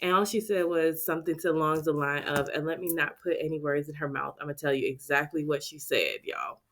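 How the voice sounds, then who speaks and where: Low-voiced expressive woman vlogger. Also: fairly quick. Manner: expressive, talks straight to viewers with lots of "y'all". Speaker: budgeting vlogger and channel host. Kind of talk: casual chatty vlog.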